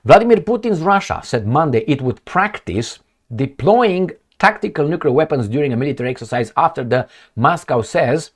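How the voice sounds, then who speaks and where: A man giving casual political opinion commentary in an animated, rhetorical, sarcastic manner. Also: a little high, normal speed.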